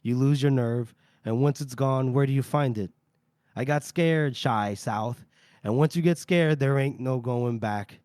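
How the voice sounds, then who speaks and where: A man voicing a weary, regretful aging gunman as he retells a book scene in a low, slow, rueful way. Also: darkish tone, no echo, clean studio sound, close to an everyday voice.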